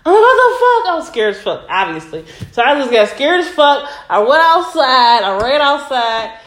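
Young woman from detroit, high bouncy voice, cusses a lot, echoey room. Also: normal speed. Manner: swears a lot, laughs often, animated storytelling. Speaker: podcast co-host. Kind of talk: casual chat.

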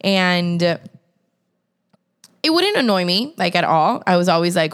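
A woman's voice: fairly low pitch, lively intonation, normal speed, clear, resonant tone. A young woman in casual podcast chat, talking loosely with lots of "like" and a few Spanish words mixed in. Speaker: podcast co-host.

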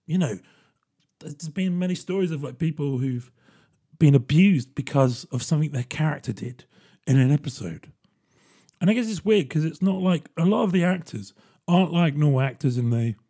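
A young man hosts a casual solo podcast in an easygoing, rambling way. He laughs often as he talks, and his voice sits at an average pitch. He is chatty and relaxed in his delivery. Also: slightly rough. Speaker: podcast host.

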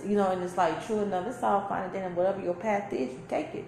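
A woman's voice: medium pitch, steady tone, quick pace, a little mellow, slight background noise. A woman, giving an emphatic, preachy spiritual talk full of repeated phrases. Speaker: spiritual teacher. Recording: echoey room with faint music.

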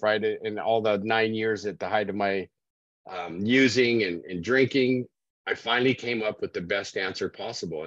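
A man's voice: on the low side, no room sound. A middle-aged man, a sobriety coach, telling his life story casually in an interview and often checking in with "right?". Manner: conversational, keeps asking "right?". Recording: dry, dull lo-fi call audio.

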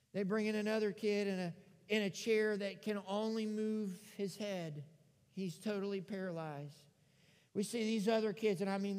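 A middle-aged American man preaching a sermon, telling a personal story with acted-out dialogue, rising loud then dropping to a hush. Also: sits high. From United States. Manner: animated storyteller, acts out dialogue, swings from loud to hushed. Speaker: pastor. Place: church sanctuary. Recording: long reverb of a large church hall.

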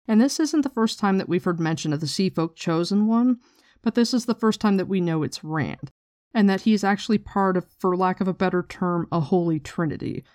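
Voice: medium pitch, brisk, a little mellow, dry recording, studio quality. A podcast host in a casual book discussion, chatty and irreverent, swearing casually.

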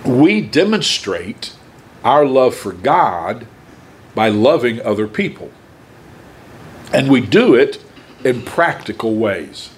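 Male pastor, unhurried emphatic sermon, voice swinging up and down. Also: mid-range voice, slight background noise. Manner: animated, emphatic preaching with pauses. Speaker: preacher.

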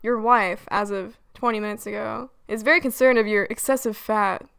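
A woman's voice: mid-range voice, steady tone, creaky, fairly bright tone, clear, resonant tone. A woman playing interviewer in an improvised comedy skit, teasing and playful. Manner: playful, teasing, quick to laugh. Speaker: mock interviewer.

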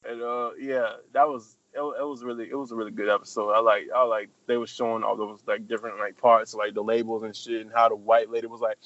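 In casual chat, a man animatedly recaps a TV episode, acting out characters' lines with big, sudden pitch jumps and heavy profanity. He talks fast with few pauses, and the audio is dull with no room sound.

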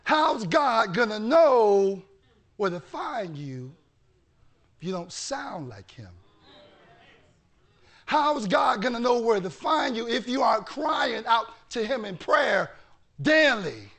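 A male pastor preaching a sermon with animated storytelling that bursts into shouting. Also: extremely high pitch, slow pace, vocal fry, pauses often.

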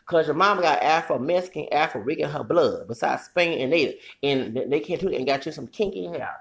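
A man's voice: on the high side, lively intonation, brisk, gravelly, a bit bright. A man hosting a solo podcast, delivering a heated, profane, rambling rant with bursts of laughter. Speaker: podcast host.

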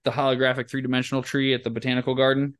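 A man hosting a podcast who swears freely while telling animated stories. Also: medium pitch, rapid-fire. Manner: profane, animated storyteller. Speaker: podcast host. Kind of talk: casual storytelling chat.

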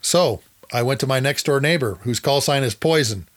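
A man's voice: mid-range voice, moderate pace. A middle-aged man hosting a podcast, telling a first-person story from his flying career and acting out the dialogue along the way. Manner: acts out dialogue in his anecdotes. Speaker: podcast host, former fighter pilot.

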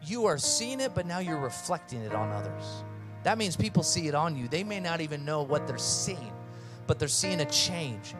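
Pastor preaching with lively, storytelling warmth. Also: male voice, on the high side, normal speed, music in the background. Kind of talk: sermon.

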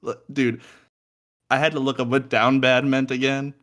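A man's voice: medium pitch, level tone, normal speed, fairly bright tone. A young man co-hosting a casual music podcast from a room at home, joking, swearing and laughing often. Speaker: podcast co-host.

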